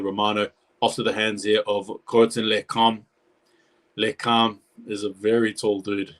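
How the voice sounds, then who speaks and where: A man with a somewhat low voice calls a rugby league match live for his viewers. He talks casually and chattily, and he gets excitable as the play unfolds. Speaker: live reaction host. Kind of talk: live match reaction commentary.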